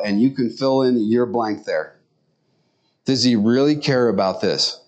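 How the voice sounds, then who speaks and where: A man preaching a sermon in an earnest, conversational way, often speeding up and slowing down. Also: mid-range voice. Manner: tells stories and acts out quotes.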